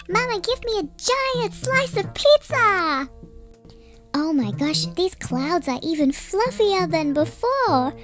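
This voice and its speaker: Super high tiny shrunk avatar, giggly, squealy, slow and drawn out. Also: female voice, very animated, music in the background, heavily acted. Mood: giddy. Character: shrunken tiny woman avatar, giddy and excitable. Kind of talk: game voice-over.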